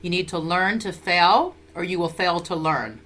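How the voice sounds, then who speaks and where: A woman taking part in a class discussion, speaking quickly and eagerly from off mic. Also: on the low side, fairly bright tone, a little hiss or hum. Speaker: class participant.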